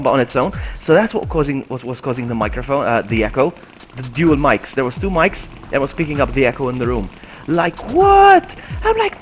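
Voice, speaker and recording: A man streaming a game with live commentary, excitable, swinging from quiet mutters to loud yelps. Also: medium pitch, a little hiss or hum.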